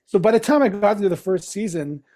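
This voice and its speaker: A middle-aged man with a notably high voice for a man, telling stories in a casual podcast chat. He is animated and laughs often, slipping into other people's lines as he goes. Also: a little fast. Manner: animated, laughing storyteller who acts out quotes. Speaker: podcast guest, comic writer. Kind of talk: casual anecdotal storytelling.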